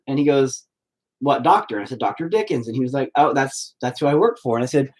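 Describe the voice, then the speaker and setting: Young male host, husky, foul-mouthed, rambling, blunt storyteller. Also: medium pitch, lively intonation, quick pace, darkish tone, rough recording. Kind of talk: casual storytelling rant.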